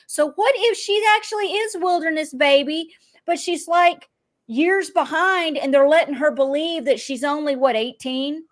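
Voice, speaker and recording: A woman in her forties hosting a casual recap podcast, animated and quick to laugh as she spins theories aloud. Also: high voice. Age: 40s. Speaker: podcast host.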